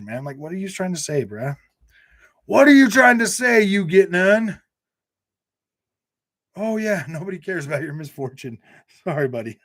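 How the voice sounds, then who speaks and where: A man hosting a casual gaming live stream, reading and answering viewer comments with jokes, laughter and lots of restarts. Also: on the high side. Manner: chatty, joking, many restarts and fillers; laughs often. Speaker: gaming channel host reading live chat.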